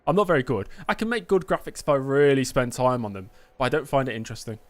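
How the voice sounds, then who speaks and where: A man's voice: mid-range voice, fast talker. A man livestreaming a racing game, bantering with chat in a mock press conference and calling viewers mate. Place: indoor streaming setup with green screen.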